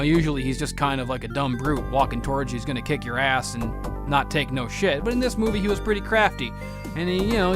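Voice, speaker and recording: A man in a casual movie review, talking in a profane, rambling, jokey way. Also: medium pitch. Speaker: horror vlogger.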